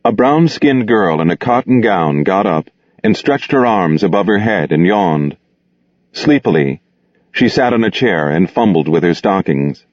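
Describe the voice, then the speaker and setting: A man narrating an audiobook in a measured, expressive storytelling manner, recorded close on a studio mic. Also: deep voice, no room sound, lo-fi sound.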